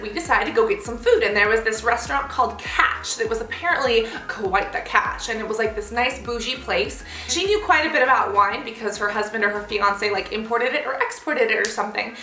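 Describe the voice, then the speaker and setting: Young woman vlogger, bright higher voice, echoey room, faint music behind. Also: brisk, few pauses. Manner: animated, acts out quotes with pitch jumps. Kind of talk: storytime vlog.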